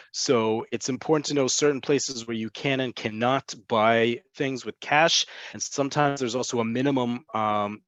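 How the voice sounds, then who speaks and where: A man's voice: mid-range voice, fairly bright tone, no room sound. Male teacher, patient and explanatory, dry and slightly dull webinar audio. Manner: patient, explanatory, repeats words slowly for learners. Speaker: Hebrew teacher. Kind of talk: online language lesson. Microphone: computer mic on a video call.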